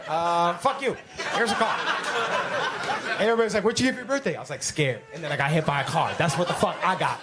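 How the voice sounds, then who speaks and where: A man's voice: a little high, heavy background noise. A man doing a stand-up comedy set, telling crude stories brashly and putting on voices for the people in them. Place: comedy club stage with live audience.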